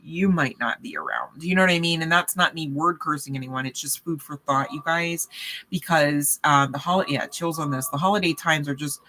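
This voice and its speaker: Woman tarot reader, bright forward tone, rambling chatty delivery full of check-ins. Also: low voice, expressive, moderate pace, a little hiss or hum. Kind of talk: casual spiritual reading talk.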